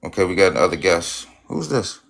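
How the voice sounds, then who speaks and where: A man's voice: low voice, sing-song, a little fast, gravelly, a bit bright. A man hosting a casual livestream chat with callers. He is insistent, repeats himself and keeps cutting in. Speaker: livestream host.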